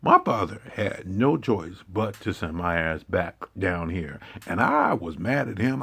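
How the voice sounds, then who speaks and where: A low, gravelly male voice with a husky edge, delivering a preachy, confrontational rant full of profanity. His pitch swings widely as he lectures and scolds the listener. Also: sing-song, a little slow, few pauses, a bit bright. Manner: preachy, confrontational, heavy swearing. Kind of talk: impassioned profane monologue.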